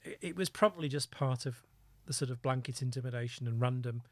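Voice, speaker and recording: Man telling a lively story. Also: mid-range voice, fast, no echo. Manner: lively anecdotal storytelling, laughs at own story. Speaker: guest, former undercover police officer. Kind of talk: storytelling in a podcast interview.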